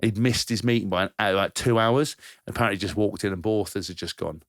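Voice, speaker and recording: A lower-voiced man tells rugby-tour stories at a quick clip, swearing and restarting as he goes. The recording is dry and close, with no room sound. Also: dry recording. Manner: rambling anecdotes, swears freely, frequent restarts. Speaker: podcast co-host, former rugby player. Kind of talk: casual storytelling chat.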